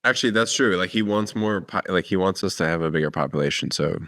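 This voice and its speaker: A man's voice: low-pitched, quick pace, pushed and bright, no echo, studio quality. A man co-hosting a podcast in casual chat, laughing often and spinning rambling hypotheticals. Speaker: podcast co-host.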